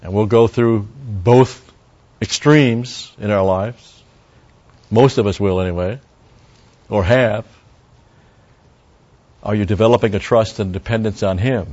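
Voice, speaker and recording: A low-pitched man delivers a verse-by-verse sermon in an easy, conversational way. He drifts into Hebrew word studies and drops wry asides to his listeners. The recording is muffled and lo-fi. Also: measured pace, pauses often, darkish tone. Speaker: Bible teacher.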